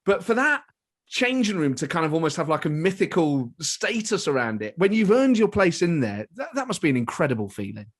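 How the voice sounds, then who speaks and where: Expressive male podcast host, lively pitch. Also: brisk. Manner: thoughtful, expressive questioning. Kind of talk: casual interview.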